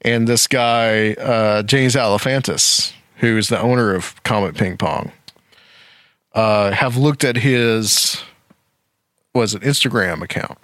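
A man's voice: fairly low pitch, slow, fairly bright tone, dry recording, studio quality. A man hosting a talk show, speaking casually and rambling with frequent fillers. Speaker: podcast host.

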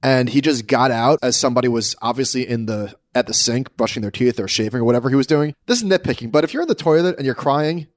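A man's voice: mid-range voice, fast, few pauses, dry recording. Man chatting on a podcast, dry sound. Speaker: podcast co-host. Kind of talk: casual podcast chat.

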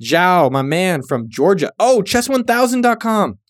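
A laid-back man from California runs through listener shout-outs on his podcast, joking and swearing freely in slangy talk. His voice sits a little high for a man and sounds close and dry, with no room around it. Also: big pitch swings, measured pace, no room sound. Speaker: podcast host. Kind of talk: casual shout-out monologue.

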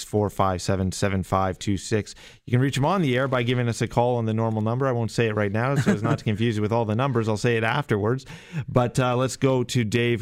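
A man hosting a radio call-in show, friendly and upbeat, reading out phone numbers slowly. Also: fairly low pitch, a little mellow, smooth, no room sound, studio quality. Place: radio studio. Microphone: studio microphone.

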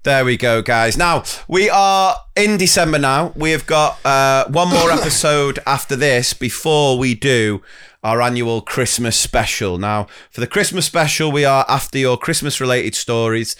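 A man's voice: medium pitch, measured pace, fairly bright tone, clean tone. A young adult man co-hosting a teachers' podcast, reading listener stories in casual chat and laughing often.

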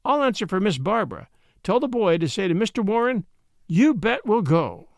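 A man voices an eager, frank young Western woman, raising his voice above its natural pitch so it sits high and very animated at a moderate pace. The studio sound is clean with no echo.

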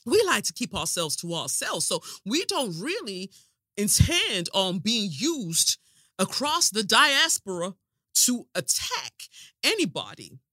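A woman's voice: mid-range voice, huge pitch swings, slow pace, pushed and bright, no echo, pitched above the performer's own voice, exaggerated voice. A woman voicing a folding chair guest with a folksy American drawl, self-amused and chatty. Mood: earnest.

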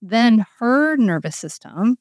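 A woman's voice: a little high, very animated, slow pace, dry recording, clean studio sound. A woman working as a parenting coach, explaining earnestly and often checking in with "right?". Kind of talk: coaching conversation.

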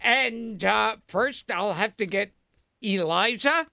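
A man with a raspy voice hosting a comedy podcast and signing off the episode. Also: high voice, slow pace, sharp tone, no echo. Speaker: podcast host.

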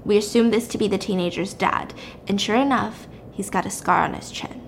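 A woman's voice: medium pitch, a little fast, creaky, a little hiss or hum. A woman recapping a story in a casual, chatty, blunt way, using "like" often.

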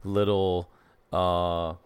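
A low-pitched man co-hosting a podcast in a loose, casual chat. He talks in a laid-back way, and his sentences often fade out quietly at the end. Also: level tone, drawn-out words, smooth. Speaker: podcast co-host. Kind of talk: casual chat and host-read ad.

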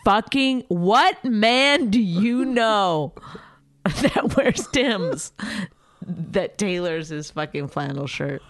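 A woman's voice: medium pitch, lively intonation, extremely slow, dry recording. New york woman ribbing her cohost on a podcast, swears a lot, voice swoops all over. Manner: teasing, incredulous, swears a lot. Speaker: podcast co-host. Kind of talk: casual podcast banter.

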